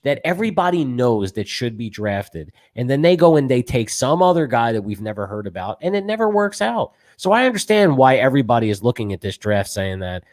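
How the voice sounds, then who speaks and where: Excitable Philly sports-talk man. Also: medium pitch, a little fast, hardly any pauses. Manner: excitable, self-described emotional fan. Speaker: sports talk show co-host.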